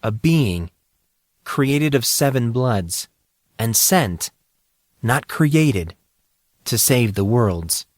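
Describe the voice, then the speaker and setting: A man voicing a calm, knowing older man who speaks in a measured, deliberate way. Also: medium pitch, no room sound, studio quality. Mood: solemn.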